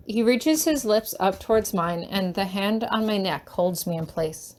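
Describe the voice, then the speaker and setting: A woman's voice: mid-range voice, a little slow, hardly any pauses. A woman reading a first-person fan story aloud, emotional and urgent, with a shaky voice in tense moments. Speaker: fanfiction reader.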